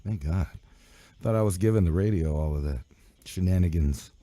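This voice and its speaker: A man's voice: deep voice, moderate pace, warm tone, no room sound. A man hosting a live radio show in loose, rambling, profane banter, his voice sick. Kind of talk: casual live stream and radio chat.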